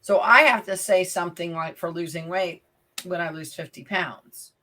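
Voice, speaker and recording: Woman, fifties, bright voice, playful, teasing, casual talk host. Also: on the low side. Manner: playful, teasing, quick asides. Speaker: podcast co-host and life coach. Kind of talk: casual chat.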